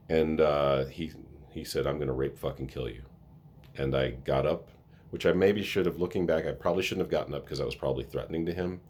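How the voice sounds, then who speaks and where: A man's voice: rumbling low, a little mellow, slight background noise. A man who works at a school, talking earnestly and with emotion in a casual vlog, often restarting his sentences. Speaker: school staff member.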